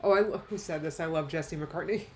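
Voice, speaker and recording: A woman's voice: low voice, fairly quick. A woman hosting a casual live react stream, chatting loosely, reading viewer comments aloud and laughing often. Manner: chatty, rambling, reads chat comments aloud with frequent laughs. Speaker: host reacting live to videos.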